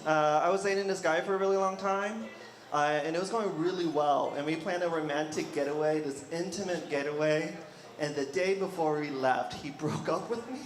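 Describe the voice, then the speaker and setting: A man's voice: a little high, moderate pace. A man performing a self-deprecating stand-up set before a live audience, peppering his jokes with "you know". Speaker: stand-up comedian. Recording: roomy live room with crowd.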